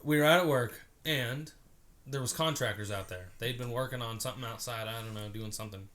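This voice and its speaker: A man's voice: medium pitch, brisk, fairly bright tone. A young man co-hosting a podcast in casual chat, joking and telling a work story in a laid-back way. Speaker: podcast co-host.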